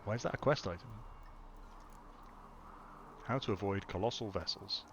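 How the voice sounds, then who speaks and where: A man's voice: lowish voice, normal speed, highs cut off, noisy background. A young man casually commenting as he plays a video game, thinking aloud with exasperated asides. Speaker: gamer. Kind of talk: casual let's-play commentary.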